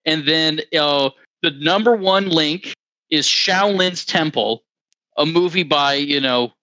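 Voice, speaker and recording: A man's voice: on the high side, slow, bright, forceful tone, dry recording. A young man co-hosting a podcast, rambling and joking in casual chat on a close mic. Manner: rambling, filler-heavy, joking. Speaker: podcast co-host.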